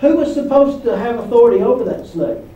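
A pastor with a very high-pitched, expressive, warm voice preaches briskly in a church hall, reading scripture and putting questions to the congregation. The lo-fi recording is echoey, and he sounds distant.

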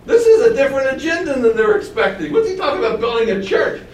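A man's voice: extremely high pitch, big pitch swings, fast, reverberant, distant mic, slight background noise, poor audio. A man preaching a sermon, teaching with rhetorical questions and asking his congregation to follow along. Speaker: pastor.

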